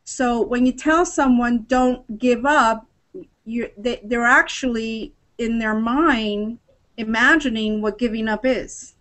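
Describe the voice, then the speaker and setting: A woman family psychologist explaining her advice in a measured way during a panel discussion. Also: fairly high pitch, a bit bright. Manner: explanatory, measured, restarts phrases.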